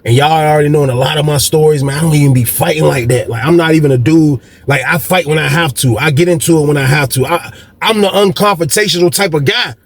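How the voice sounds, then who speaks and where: A man's voice: a little high, quick pace. A man casually telling a story from his past in slangy, profane talk, repeating himself often.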